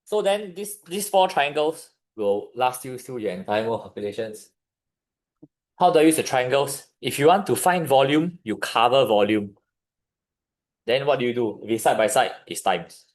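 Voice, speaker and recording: Singaporean man teaching chemistry, lively pitch. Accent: Singaporean English. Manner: questions the class, pausing for answers. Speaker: chemistry tutor. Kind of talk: classroom revision lesson.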